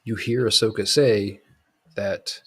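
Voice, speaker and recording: Husky-voiced man in casual podcast chat. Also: on the low side, fairly even intonation, takes it slowly. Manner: rambling, lots of fillers and restarts. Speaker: podcast co-host.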